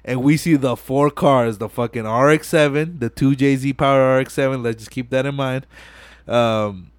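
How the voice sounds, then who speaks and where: A man hosts a podcast and walks through a movie in loose, profane street slang, full of fillers. His voice sits at a middle pitch, and the recording is close and dry, with no room echo. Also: normal speed. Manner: slangy, profane, animated storytelling with many fillers. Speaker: podcast host. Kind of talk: casual movie recap.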